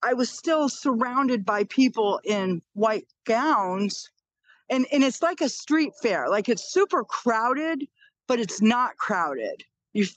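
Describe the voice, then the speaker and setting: A woman's voice: fairly high pitch, dry recording. A woman in her fifties, a podcast guest, earnestly telling a personal story and repeating phrases for emphasis.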